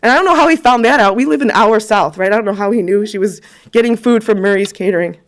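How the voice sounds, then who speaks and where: A woman's voice: medium pitch, fast. A woman in her forties giving a eulogy, telling personal stories in a chatty way with frequent ums. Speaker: eulogist at a funeral.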